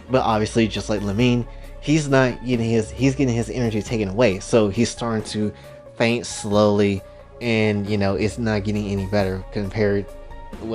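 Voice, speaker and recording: A man casually retelling his own story, animated and joking, with profane asides to his listeners. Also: fairly low pitch.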